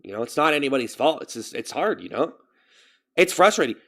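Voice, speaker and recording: A man's voice: fairly high pitch, expressive, brisk, bright, forceful tone. A man chatting on a live stream, rambling and repeating himself as he vents about feeling like a failure. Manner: rambling, repeats himself, self-pitying venting. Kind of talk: casual live-stream chat.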